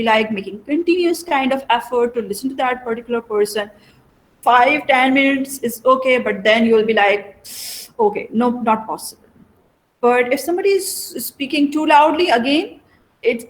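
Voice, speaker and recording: A woman's voice: on the high side, rough recording. A woman teacher giving a classroom lecture, explaining step by step and asking her students rhetorical questions.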